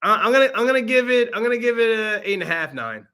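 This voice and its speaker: Young male podcast co-host, bright tone, animated jokey delivery, laughs a lot. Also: very high voice, fast talker, smooth. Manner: animated, joking, laughs often. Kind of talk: casual movie review chat.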